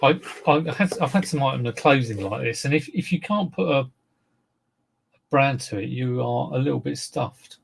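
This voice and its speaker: A man's voice: medium pitch, normal speed, vocal fry, slightly rough. A man hosting a casual reseller livestream, chatting to viewers in a rambling way while he handles and lists items.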